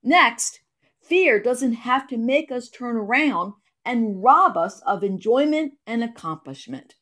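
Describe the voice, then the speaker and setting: Slow, lively woman reading a devotional. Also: fairly high pitch. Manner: expressive, earnest storytelling read. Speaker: ministry blog writer. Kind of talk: reading a devotional blog post aloud.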